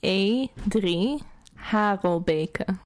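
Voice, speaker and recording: Dutch lady coaching pronunciation, encouraging, slow and bouncy, dry close mic. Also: mid-range voice, dry recording. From Netherlands. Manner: patient, encouraging, repeats words slowly. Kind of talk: podcast interview.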